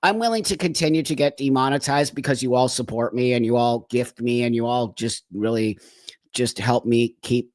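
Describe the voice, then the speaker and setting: A man's voice: medium pitch, normal speed, darkish tone, dry recording. A man hosting a live stream in casual, frank talk to viewers, laughing often and checking in with them. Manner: chatty, laughs often, keeps checking in with "okay?"; frank, emphatic.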